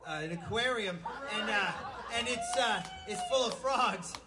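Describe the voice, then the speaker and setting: A man's voice: sits high, a little slow, over loud music, over a noisy crowd. A man doing live stand-up, telling dirty jokes in a rambling way with stumbling restarts and chuckles between lines. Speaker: stand-up comedian. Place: live music venue. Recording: live club recording with audience noise.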